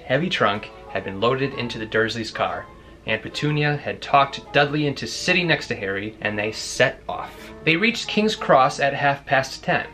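Man, chatty vlog host reading aloud, bright voice, soft music under. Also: medium pitch. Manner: enthusiastic, chatty. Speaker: book collector host. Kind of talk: read-along and unboxing vlog.

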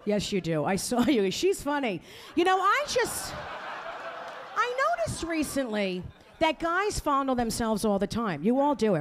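A woman's voice: a little high, big pitch swings, normal speed. A woman doing live stand-up comedy on a club stage, with a brash, crude delivery and sudden jumps in her voice. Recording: live club audience and noise.

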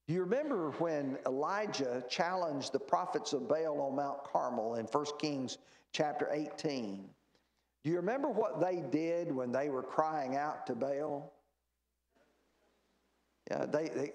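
A man leads a church Bible study, his voice sitting a little high. He reads scripture with building emphasis and then explains it in plain, halting talk. The recording carries the echo of the church room.

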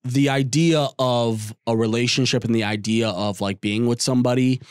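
A man's voice: medium pitch, fairly even intonation, normal speed, smooth, no echo, studio quality. A man co-hosting a casual sports podcast, rambling and upbeat, often repeating words as he thinks. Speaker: co-host.

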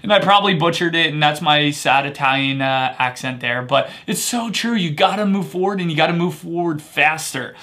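A man in his thirties gives an upbeat motivational talk as a life coach. His voice sits high and comes across bright and forceful. He keeps checking in with the viewer with "right?". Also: brisk, few pauses. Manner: energetic, punctuates points with "right?".

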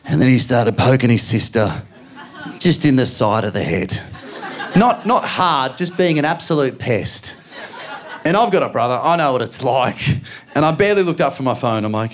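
An Australian man in his forties telling stand-up stories into a stage mic, his voice sitting at an ordinary middle pitch. He moves from calm narration to bursts of acted-out yelling and quoted characters, building each story toward the punchline. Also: moderate pace. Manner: animated storytelling, acting out voices and shouts. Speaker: stand-up comedian. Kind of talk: stand-up comedy routine. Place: comedy venue stage with a live audience.

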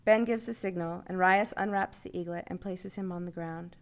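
A woman reading her short story aloud in lively, expressive narration. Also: fairly low pitch, normal speed.

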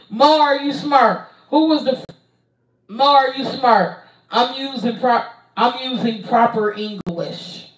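Profane woman streamer, roomy and distant. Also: a little high. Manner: profane, blunt, hesitant with frequent ums. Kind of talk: casual live-stream Q&A. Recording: roomy sound, distant from mic.

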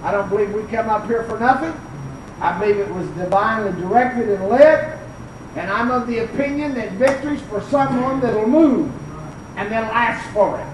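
An older preacher giving a fervent revival sermon, telling stories and rising to shouts at the peaks. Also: medium pitch, moderate pace, noisy background. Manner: fervent, storytelling, rises to shouts. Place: church sanctuary. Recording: echoey church, mic far off.

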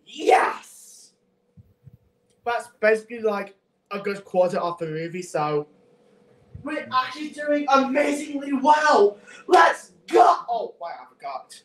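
A woman streaming and chatting casually, breaking into excitable, hysterical shouting. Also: fairly high pitch, takes it slowly, recorded from a distance. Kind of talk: casual live-stream commentary. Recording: roomy echo, faint noise.

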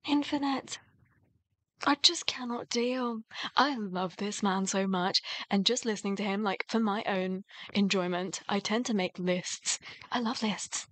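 A woman vlogger giving a casual, gushing and excitable reaction commentary to a music video. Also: medium pitch, moderate pace, no room sound. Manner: gushing and excitable, breaks into laughs and exclamations. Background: music from the video playing.

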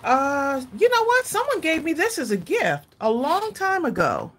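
A woman's voice: high-pitched, very animated, measured pace, fairly bright tone. A woman hosting a live crafting tutorial, chatty and laughing as she talks straight to her viewers. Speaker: craft livestream host.

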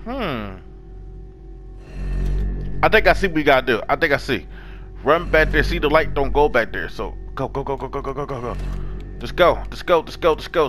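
A man commentating a horror game, excitable and profane, yelling and gasping at each scare. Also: fairly high pitch, moderate pace, faint music behind. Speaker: gaming YouTuber. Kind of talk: horror let's play commentary.

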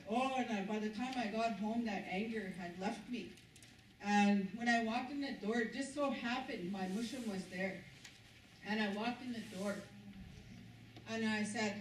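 A woman's voice: on the high side, a little hiss or hum. An older woman from Saskatchewan sharing a personal story to a workshop audience, acting out the voices of the people in it. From Saskatchewan, Canada. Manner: animated storyteller who acts out quoted voices. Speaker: traditional knowledge keeper leading a workshop. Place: workshop space. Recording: echoey, from far off, faint ambience.

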